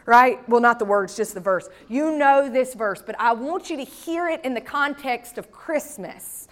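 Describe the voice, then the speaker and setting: A woman's voice: a little high, fairly bright tone. Woman, pastor, sermon, storytelling, folksy asides, thirties.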